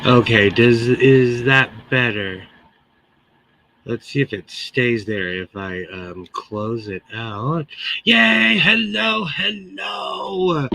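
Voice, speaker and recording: A middle-aged man with a shrill voice hosts a casual live stream from his home sewing room over a computer microphone. He's chatty, laughing as he greets viewers by name, and speaks slowly with a slightly bright tone over a little hiss or hum.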